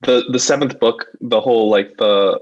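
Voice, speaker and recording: A man's voice: medium pitch, normal speed. Hesitant young man on a dull, lo-fi line. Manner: rambling, hesitant, lots of likes. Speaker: podcast co-host. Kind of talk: casual chat.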